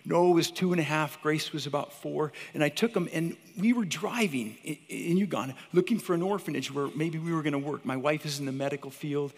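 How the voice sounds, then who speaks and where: Male pastor, sermon delivery, husky tone, dramatic dynamic swings, long hall reverb. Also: on the high side, fairly quick, hardly any pauses. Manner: dramatic swings from loud cries to hushed whispers. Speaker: preacher.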